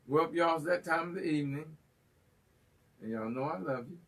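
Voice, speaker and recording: A male host of a live call-in class with a folksy, teasing, animated manner. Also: a little high, moderate pace, recorded from a distance.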